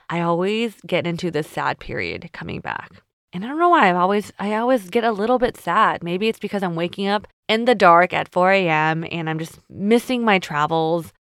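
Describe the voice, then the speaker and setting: A woman's voice: lowish voice, a bit bright, no room sound, studio quality. A woman hosting her own podcast, chatting casually and reflectively and often using "like" as a filler. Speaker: podcast host.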